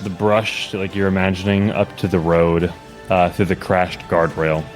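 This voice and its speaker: A man playing a tabletop game, halting and stumbling over his words in casual role-play. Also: sits low, flat delivery, faint music behind. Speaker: player.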